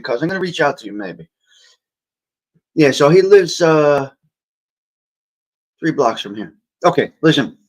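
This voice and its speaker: A man's voice: mid-range voice, rough recording. A man hosting a casual morning livestream, chatting and wisecracking with viewers by name, his voice a little off after a long night, talking into a cheap handheld mic. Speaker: livestream host. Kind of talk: casual live chat reading viewer comments. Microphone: cheap handheld mic moved near and far.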